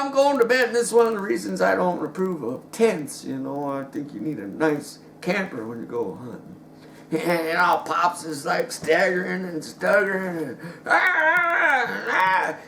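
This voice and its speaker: A man's voice: sits high, creaky, a bit bright. A man telling a rambling comic story, stumbling over restarts and chuckling as he goes. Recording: roomy echo with faint ambient noise.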